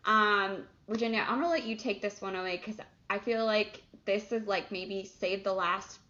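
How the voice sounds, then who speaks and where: A woman's voice: medium pitch, fairly even intonation, moderate pace, pushed and bright, lo-fi sound. A woman in her thirties co-hosting a podcast, chatting casually and tossing in playful, joking asides. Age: 30s. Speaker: podcast co-host. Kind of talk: casual chat.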